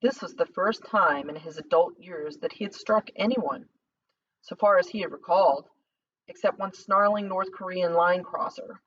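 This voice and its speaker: A woman's voice: fairly low pitch, moderate pace. Woman reading a novel aloud. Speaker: audiobook narrator. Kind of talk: scripted narration. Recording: slightly distant dull lo-fi recording.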